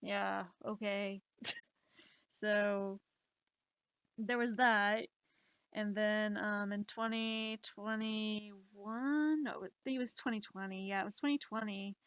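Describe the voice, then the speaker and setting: A woman in her late twenties telling stories on a live stream, animated and exasperated, swearing freely. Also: medium pitch, slow pace, clean tone, no echo. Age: 20s. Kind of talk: casual storytelling.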